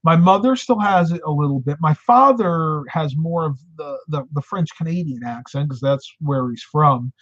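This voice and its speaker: Middle-aged man, live-stream host, chatty storyteller, fairly high voice, dull dry recording. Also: normal speed, hardly any pauses, a bit bright, no echo. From upstate New York, United States. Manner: chatty, tells stories and answers viewer comments. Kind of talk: casual live-stream chat.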